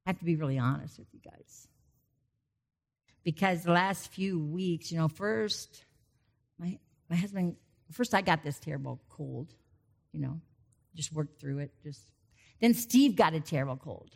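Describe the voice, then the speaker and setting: A woman's voice: deep voice, unhurried, creaky, long pauses. Chatty middle-aged woman preaching. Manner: chatty, animated asides and personal stories. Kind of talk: conversational sermon.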